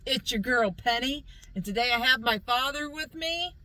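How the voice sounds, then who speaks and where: Female vlog host, bubbly and chatty, highish voice, recorded in a car. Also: expressive, normal speed, pushed and bright, rough recording. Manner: chatty, upbeat, keeps calling the viewers "guys". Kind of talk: casual food review chat. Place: inside a parked car.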